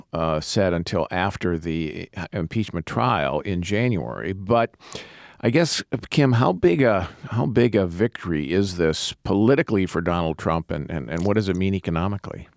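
A man hosting a political discussion podcast, his voice hoarse, talking in a halting way with many fillers and restarts. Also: deep voice, dry recording, studio quality. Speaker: podcast host.

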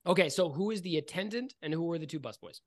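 A man's voice: a little high, animated, fast, dry recording, clean studio sound. A man narrating as game master, rambling and repeating himself with lots of "like". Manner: rambling, repeats words, many "like"s.

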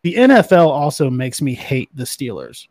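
A man's voice: mid-range voice, big pitch swings, normal speed, darkish tone. A man who is a guest on a sports podcast, ranting in a profane, casual way over a call.

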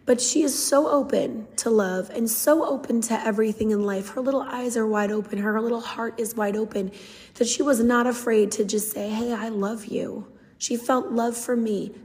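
A woman's voice: on the high side, darkish tone, big-room sound. A young adult woman hosting a podcast, telling a heartfelt story in an earnest, casual way and acting out quotes. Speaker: podcast host.

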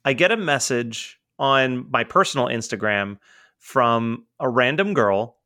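A man's voice: medium pitch, animated, measured pace, sharp tone, no echo, clean studio sound. A young man co-hosting a podcast, telling a dating story in casual chat, laughing often and acting out the quoted dialogue. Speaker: podcast co-host.

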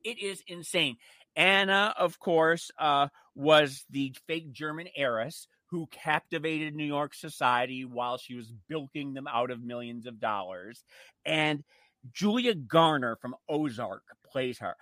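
A man co-hosting a casual chat, telling stories in an animated, emphatic way. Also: a little high, a little slow, dry recording. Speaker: co-host.

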